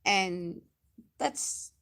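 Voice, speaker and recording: A woman astrologer chatting casually on a live stream, reading out viewer messages, laughing often and speaking warmly. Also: medium pitch, lively intonation, extremely slow.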